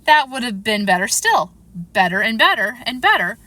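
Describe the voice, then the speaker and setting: A woman reading aloud gives a muddled storybook queen who talks in a lofty, fussy way and can tip into shrill shrieks. The voice sits raised and bright with wide swings in pitch, heard dry and close. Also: very animated, moderate pace, dry recording. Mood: matter-of-fact. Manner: flustered, lofty, given to shrill screams. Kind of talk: audiobook character reading.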